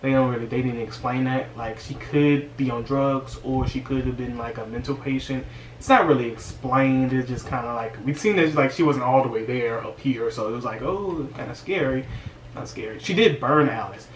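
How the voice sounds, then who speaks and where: A man's voice: mid-range voice, brisk, a little hiss or hum. Slangy man ranting about a movie. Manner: animated, slangy, exasperated. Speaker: movie reviewer. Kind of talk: casual movie recap rant. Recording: roomy, distant mic, faint ambience.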